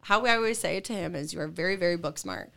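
A woman in her late twenties, a guest in a casual chat, talking in an animated way, acting out quotes with lots of "like". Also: fairly low pitch, fast, gravelly. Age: 20s.

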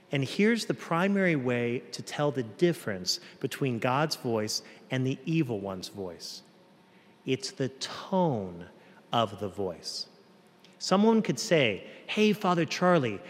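A man's voice: medium pitch, long reverb tail. A man, a Catholic priest, giving a conversational homily at Mass and acting out quoted voices with changes of tone. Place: church.

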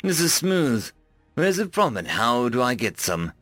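A man voicing a shaken human man who sees himself as a coward, telling his story in a rueful, halting way. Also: medium pitch, sing-song, fairly bright tone, no room sound, soft background music.

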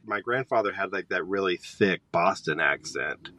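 A man in his thirties, a high school teacher, guest on a podcast, talking casually and opinionated, drifting onto tangents. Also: expressive, moderate pace, sharp tone, no room sound. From Georgia, US. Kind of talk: casual conversation.

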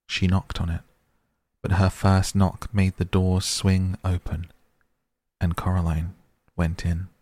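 Man, storybook narrator, very low voice, husky, slow and measured reading. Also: level tone, darkish tone, dry recording.

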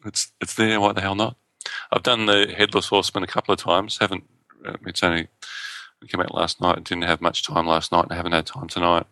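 A man's voice: low voice, gravelly, sharp tone, no room sound. A man co-hosting a podcast, chatting enthusiastically with frequent laughs. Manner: enthusiastic, laughs often, quick asides. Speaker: podcast co-host. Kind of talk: casual chat.

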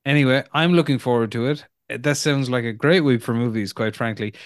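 Man, podcast co-host, casual joking banter, mid pitch, dry close sound. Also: brisk, dry recording. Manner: joking, teasing, laid-back. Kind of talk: casual chat.

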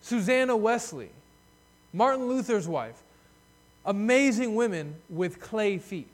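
An earnest male pastor preaching a sermon with a high-pitched voice. He swells loud and high when he voices a desperate plea, then sinks soft and low to reflect. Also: lively intonation, a little slow.

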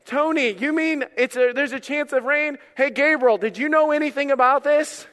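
A man's voice: very high-pitched, steady tone, normal speed, bright, forceful tone, clean tone, voice pushed up. Man playing a sarcastic, exasperated God. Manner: mock-incredulous, teasing.

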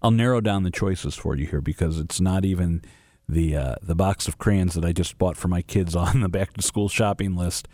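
A man with a fairly low voice hosts a radio program, friendly and sincere as he thanks guests and reads a quiz. The studio sound is dry and close to the mic. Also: moderate pace, warm tone, no room sound. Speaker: radio host. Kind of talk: radio show hosting.

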